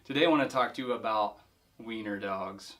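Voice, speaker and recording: A man's voice: lowish voice, brisk, fairly bright tone. A middle-aged man, a pastor hosting a short podcast, telling a story casually and often repeating words as he goes.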